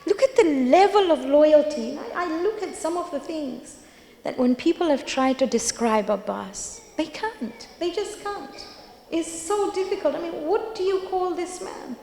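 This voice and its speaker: A woman's voice: high-pitched, expressive, measured pace, vocal fry, mellow. A woman giving a religious lecture at a gathering, telling stories emphatically and repeating key phrases for weight. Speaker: majlis speaker. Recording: long hall reverb.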